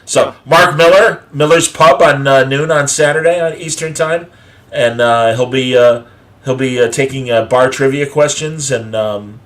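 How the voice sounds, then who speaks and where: A man hosts a relaxed online chat, talking at an ordinary pitch. He rambles through his points, full of fillers and self-corrections. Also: unhurried. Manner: rambling, filler-heavy listing with frequent uh and restarts. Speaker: podcast host. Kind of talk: casual chat.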